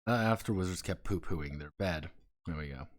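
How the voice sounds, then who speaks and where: Low-voiced male streamer, loose and profane, tripping over his own words. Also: fairly quick. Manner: rambling, stumbling restarts, profane banter. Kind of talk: casual stream chat.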